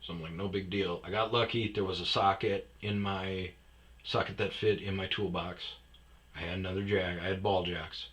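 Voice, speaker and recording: A man with a low, forceful voice tells a story in a loose, casual way. He is animated and swears a lot. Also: normal speed.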